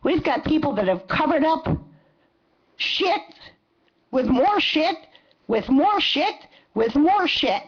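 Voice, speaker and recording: A woman's voice: sits high, very animated, slow pace, pauses often. A woman in her seventies giving an angry, impassioned public comment at a council meeting. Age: 70s. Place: council chamber. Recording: dull lo-fi meeting recording.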